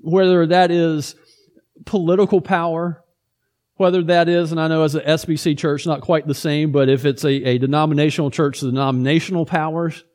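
A man's voice: a little high, little pitch movement, a little fast, a little mellow. A man preaching a conversational sermon as pastor, often asking "right?" and acting out the people he quotes. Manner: conversational, acts out quoted exchanges.

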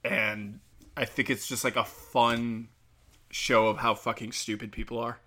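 A man hosting a casual solo rant, swearing freely and rising loud and high when he retells arguments. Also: little pitch movement, unhurried. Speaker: podcast host.

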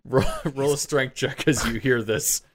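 A man narrating as game master, calling for rolls with a relaxed, easy manner. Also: mid-range voice, unhurried, noisy background.

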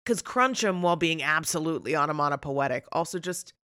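A woman's voice: low voice, normal speed, dry recording. A woman who acts for a living, chatting casually and animatedly about a film, with many fillers. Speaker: podcast co-host and actor.

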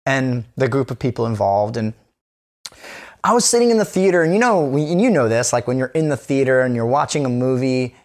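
A man's voice: medium pitch, lively intonation, brisk. A man co-hosting a podcast, talking candidly in a casual chat, rambling with many fillers and restarts. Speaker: podcast co-host.

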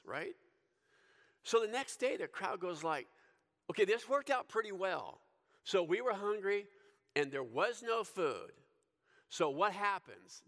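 A man's voice: fairly high pitch, a bit bright, long reverb tail. A man preaching a sermon in a casual, conversational way, full of asides and questions to the listeners. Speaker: pastor.

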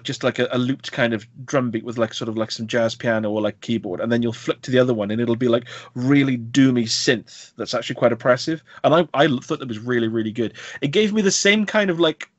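A man co-hosting a podcast, chatting casually about games in a rambling, animated way full of fillers and restarts. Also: medium pitch, a little fast, dry recording, highs cut off. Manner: rambling, many fillers and self-corrections, animated. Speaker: podcast co-host.

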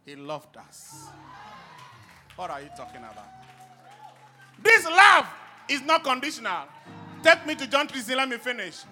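A man preaching a sermon and leading his congregation in call-and-response shouts. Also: very high voice, big pitch swings, normal speed, pauses often, soft background music, a faint crowd.

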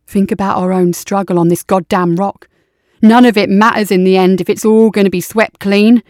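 A woman's voice: medium pitch, fairly even intonation, normal speed, darkish tone, dry recording, studio quality, natural voice. A woman voicing a nihilistic male scout captain who talks with intense, urgent persuasion.

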